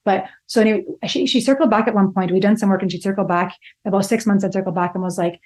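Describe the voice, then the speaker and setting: Woman therapist co-host, quick rushing talk, storytelling, casual podcast chat, brief. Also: mid-range voice, steady tone, darkish tone. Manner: tells client stories in a rush, with restarts. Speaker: relationship psychologist co-host.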